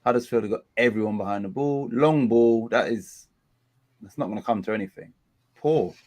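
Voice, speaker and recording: A man, hosting a casual live watchalong of a football match. He complains about dull play and gets excited during attacks. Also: fairly low pitch, normal speed, a loud crowd. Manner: chatty, groans at a dull game, excited bursts at attacks. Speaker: watchalong host.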